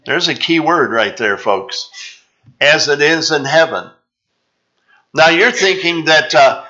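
A man preaching a sermon in a church, teaching slowly and deliberately and drawing out the scripture he reads aloud. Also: a little high, bright, forceful tone. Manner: slow, deliberate preaching with drawn-out scripture reading. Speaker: pastor. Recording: dull, slightly lo-fi sound.

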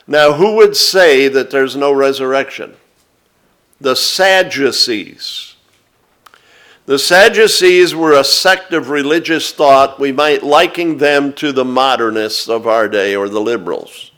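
A man with a mid-range, slightly bright voice preaches a sermon, reading scripture aloud and explaining it to his congregation slowly and deliberately.

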